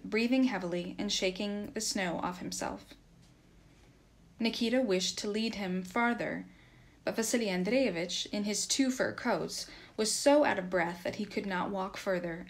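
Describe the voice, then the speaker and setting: Woman reading a story steadily. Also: mid-range voice. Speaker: reader. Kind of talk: audiobook narration.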